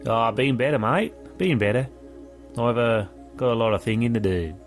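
A man's voice: medium pitch, normal speed, close to an everyday voice. A man reading the lines of a tired, friendly male officer who talks casually. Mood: weary. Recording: voice over background music.

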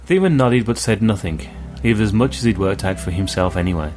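Male narrator, low voice, even reading over faint background music. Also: fairly quick. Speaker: audiobook narrator. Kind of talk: scripted narration.

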